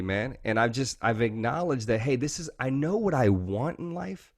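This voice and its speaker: A man's voice: medium pitch, expressive, moderate pace. A man, talking earnestly and openly as an interview guest, often saying "man" and "you know". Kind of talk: candid interview talk.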